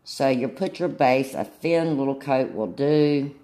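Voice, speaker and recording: A woman with a very deep, mellow voice speaks unhurriedly as she gives a casual nail tutorial. She is chatty and keeps checking in with her viewers by asking "okay?".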